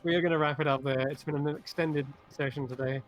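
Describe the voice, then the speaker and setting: A man narrating as game master of an online tabletop game, animated and playful. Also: on the high side, quick pace, over music.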